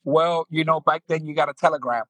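A former pro baseball player in his fifties, from the Dominican Republic with a New York accent, is a guest in a storytelling interview. He's an animated storyteller who acts out quotes and laughs often, speaking briskly in a fairly high voice. The audio is poor, with no room sound.

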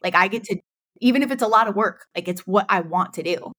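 A woman's voice: mid-range voice, quick pace, fairly bright tone. A woman in her thirties, a guest on a podcast, talking candidly about her business and laughing often. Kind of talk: casual interview chat.

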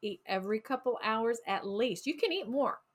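Woman, casual health talk co-host, enthusiastic, quick exclamations. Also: a little high, animated. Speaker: podcast co-host.

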